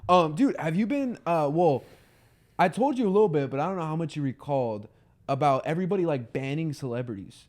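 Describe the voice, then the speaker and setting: A man's voice: a little high, animated, brisk, darkish tone. A young man co-hosting a podcast, rambling in casual chat with many fillers. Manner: rambling, filler-heavy, says "like" a lot. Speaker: podcast co-host.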